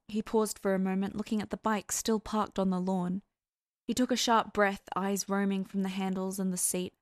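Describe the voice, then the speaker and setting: A woman reading a fan fiction story aloud in measured storytelling, voicing the characters herself. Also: mid-range voice, no room sound. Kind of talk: audiobook-style story narration.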